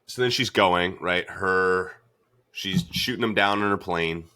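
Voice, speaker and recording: A man hosting a podcast, retelling a story in a casual, animated way with lots of "like" fillers. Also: deep voice, a little slow, smooth. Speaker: podcast host.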